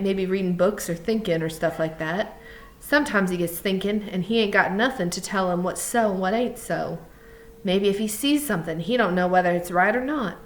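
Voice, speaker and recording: A woman reading aloud, voicing a bitter, lonely older stable hand in a slow, brooding drawl. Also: medium pitch, a bit bright, lightly acted.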